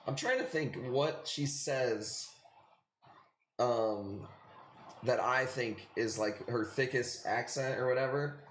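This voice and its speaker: Selling corals on a casual livestream, this Chicago-accented host from Illinois rambles and chats, laughing often and using plenty of fillers. His mid-range voice has a fairly bright tone, and he takes things slowly. Faint noise and room echo come through.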